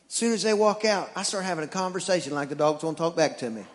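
High-voiced joking pastor in a hall. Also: male voice, fast talker, slight background noise. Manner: joking storyteller, acts out dialogue. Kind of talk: sermon. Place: church sanctuary. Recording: long reverb of a church hall.

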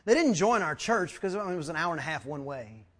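A man's voice: on the high side, fast talker. A man preaching a sermon, telling stories and acting out quotes with lots of repeated words. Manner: animated, acts out quotes, repeats words when excited. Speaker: pastor. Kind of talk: sermon with storytelling.

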